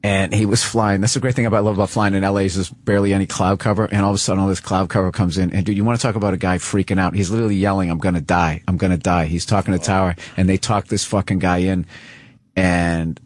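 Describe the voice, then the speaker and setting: Profane animated man telling stories. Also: low voice, fast, dry recording, clean studio sound. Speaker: guest comedian. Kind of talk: casual talk-show chat.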